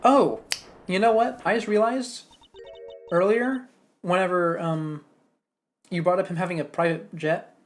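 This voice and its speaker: A woman streaming a game, chatting in rambling, self-correcting asides. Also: on the low side. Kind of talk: casual game commentary.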